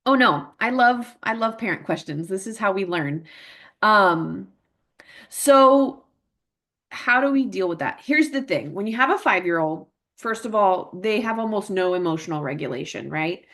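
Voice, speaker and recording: A woman's voice: mid-range voice, animated, normal speed, fairly bright tone. A woman presenting a parent workshop in a casual, chatty way, full of fillers and tag questions, who acts out emotions in her examples.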